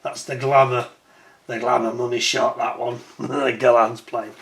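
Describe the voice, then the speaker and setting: A man's voice: mid-range voice, little pitch movement, unhurried, gravelly, fairly bright tone. A man giving a casual hands-on review of a scale model kit, chatty and admiring, with wry self-mocking asides.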